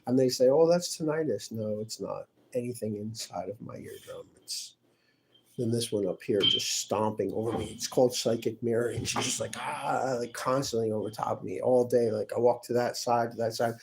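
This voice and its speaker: A man talking in a rambling, aggrieved personal monologue, weary and often trailing off quietly. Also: mid-range voice, steady tone, moderate pace, vocal fry. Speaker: vlogger.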